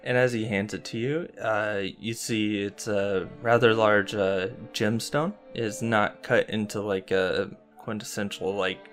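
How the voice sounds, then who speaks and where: Slow, low-voiced man running a game. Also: fairly even intonation, a bit bright, faint music behind. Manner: slow, hesitant delivery with fillers. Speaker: game master. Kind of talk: narrating a tabletop game.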